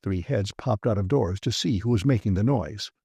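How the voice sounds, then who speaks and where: A man reading a classic science fiction audiobook with brisk, vivid storytelling. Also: on the low side, gravelly, dark tone, slightly rough, no echo. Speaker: audiobook narrator. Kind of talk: scripted narration.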